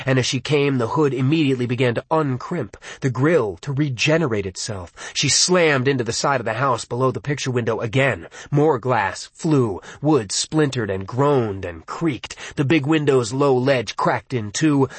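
A man reading a suspenseful novel aloud as an audiobook, in a measured, dramatic storytelling style. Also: medium pitch, breathy edge, no room sound. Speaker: audiobook narrator.

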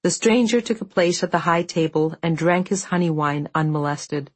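A woman reading an audiobook in a measured, even storytelling voice, close to the microphone. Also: lowish voice, husky, no room sound. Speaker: narrator. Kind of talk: scripted audiobook narration.

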